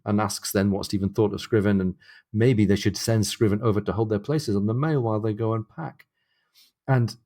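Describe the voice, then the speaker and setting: Low-voiced man retelling a novel on a podcast. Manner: animated retelling, emphatic reactions. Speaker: podcast co-host. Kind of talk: book-discussion podcast chat.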